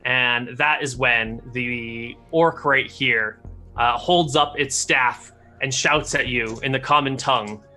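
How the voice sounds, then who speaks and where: Bright-voiced male game master. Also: mid-range voice, slow pace, soft background music. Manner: descriptive, steady narration of scenes. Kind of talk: narrating a tabletop game.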